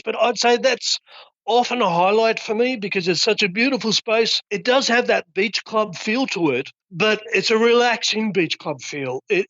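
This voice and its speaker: A man with an Australian accent, a guest cruiser chatting casually in an interview, relaxed and tripping over repeated words as he finds his phrasing. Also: sits high, dry recording, highs cut off.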